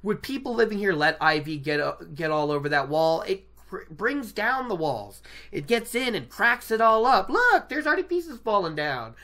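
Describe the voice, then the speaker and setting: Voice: medium pitch, sing-song, normal speed, pushed and bright, pitched above the performer's own voice. A podcast host voicing a young male villager who explains things bluntly in a casual, offhand retelling. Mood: matter-of-fact.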